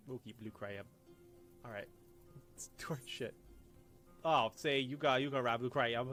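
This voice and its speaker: Male streamer, middle-pitched voice, crude jokey rambling, faint music underneath. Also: normal speed, fairly bright tone. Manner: joking, crude, rambling with frequent laughs. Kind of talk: casual live-stream commentary.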